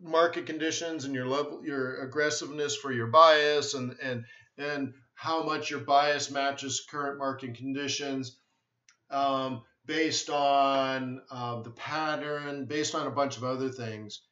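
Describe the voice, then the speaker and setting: This man's medium-pitched, sharp voice stays steady and a little slow as he hosts a forex trading webinar live. He responds to viewers bluntly and emphatically, frequently repeating words. The echoey room leaves the sound dull and lo-fi.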